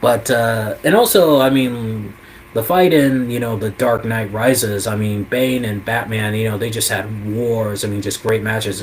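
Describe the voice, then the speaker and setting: A man's voice: fairly low pitch, a little hiss or hum, rough recording. A man hosting a casual live show, counting down a list and talking with many fillers and small laughs. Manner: rambling, lots of fillers, chuckles often. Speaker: host. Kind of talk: casual ranking chat about comics.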